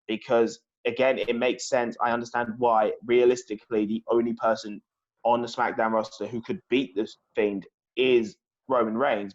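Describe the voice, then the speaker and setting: A man co-hosting a casual chat show, venting his irritation with blunt swearing. His voice sits in a middle register and comes through a slightly dull, lo-fi recording. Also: mid-range voice. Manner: ranting, profane, exasperated. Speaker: podcast co-host.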